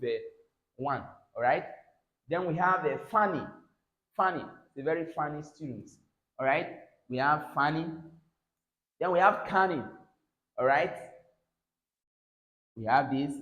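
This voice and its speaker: Man teaching pronunciation in a roomy echo. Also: fairly high pitch. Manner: drills words aloud, tags lines with "all right?". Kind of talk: classroom phonics lesson.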